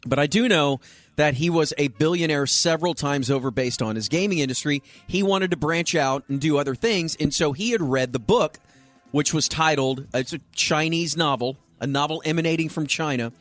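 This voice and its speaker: A man co-hosting a radio show, telling a long story to his co-hosts in a lively, slightly high voice. He speaks into a studio microphone, and faint music plays underneath. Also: normal speed. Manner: storytelling, animated, laughing with co-hosts. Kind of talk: casual sports-radio banter.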